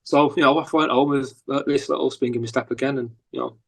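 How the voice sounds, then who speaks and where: Northern English male musician, casual rambling storyteller, middle pitch, filler-heavy delivery. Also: fast talker, vocal fry, breathy edge, low-quality recording. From England. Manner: rambling, animated anecdotes with lots of fillers. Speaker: musician guest.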